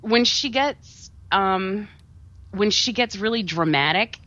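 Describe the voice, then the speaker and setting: A woman co-hosting a podcast, chatting casually about a horror movie in an animated, wry way. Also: medium pitch, takes it slowly, dull audio. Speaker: podcast co-host. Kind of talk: casual movie review chat.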